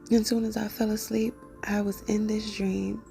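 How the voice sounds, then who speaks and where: A woman telling a dream in a soft, unvoiced whisper with many fillers, as a whispered vlog. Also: mid-range voice, level tone, normal speed, gravelly, faint music behind. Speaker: vlogger.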